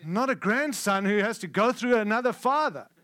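A man preaching a conference sermon, emphatic and candid, shifting between loud declarations and hushed lines. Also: high-pitched, expressive, normal speed, dry recording. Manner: candid and conversational.

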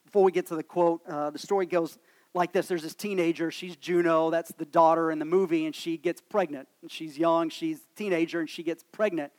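A man's voice: a little high, fairly even intonation, brisk. A man, a pastor preaching a sermon in a church in a conversational, self-deprecating storytelling manner. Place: church sanctuary.

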